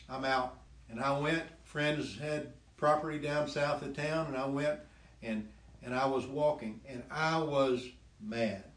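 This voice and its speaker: A man casually telling the story of his faith testimony, animated and laughing often, dropping lower when he quotes God. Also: roomy sound. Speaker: guest sharing his testimony.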